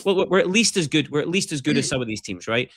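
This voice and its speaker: A Scottish man co-hosting a podcast in casual chat, animated and joking, swearing freely. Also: a little high, fast. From Scotland. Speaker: podcast co-host.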